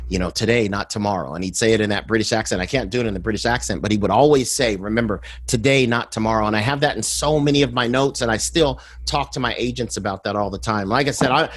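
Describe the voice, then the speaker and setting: Male sales coach, podcast guest, animated and emphatic, conversational. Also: mid-range voice, quick pace, hardly any pauses. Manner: animated storyteller, emphatic, repeats words.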